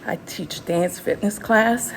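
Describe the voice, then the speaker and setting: A woman's voice: medium pitch, slow pace, gravelly, loud music behind the voice, poor audio. Winded encouraging woman in her fifties. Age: 50s. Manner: encouraging, preachy, emphatic. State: slightly out of breath. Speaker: YouTube channel host. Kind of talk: unscripted motivational vlog. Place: gym, walking on a treadmill incline.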